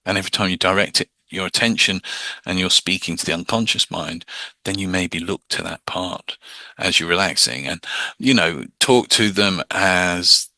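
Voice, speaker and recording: A man's voice: low voice, normal speed, sharp tone, dry recording. A man teaching hypnosis in a casual, plain-spoken lecture, often slipping into mock voices to show a point.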